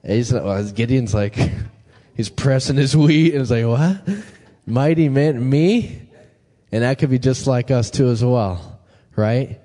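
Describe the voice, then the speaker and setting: A man's voice: medium pitch, a little slow, dark tone. Casual-talking preacher man, echoey hall. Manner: conversational, asks the congregation questions. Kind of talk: casual sermon. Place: church hall. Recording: long hall reverb.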